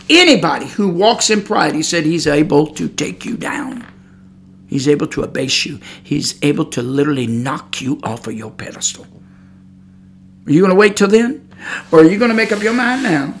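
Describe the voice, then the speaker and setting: High, bright-voiced fiery male preacher. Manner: preachy, with rhetorical questions, swinging between loud and hushed. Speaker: preacher podcaster. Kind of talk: fiery podcast sermon.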